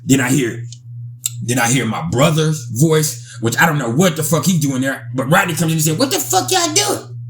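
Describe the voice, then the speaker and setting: A man, telling a casual storytime, animated, laughing often and swearing freely. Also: on the high side, moderate pace, slight background noise.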